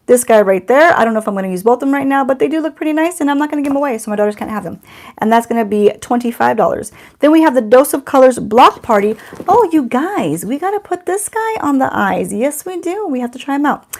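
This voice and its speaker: A middle-aged woman with a fairly high, darkish voice races through a casual beauty unboxing at home. She's a chatty, self-teasing beauty vlogger who talks both to the camera and to someone off camera.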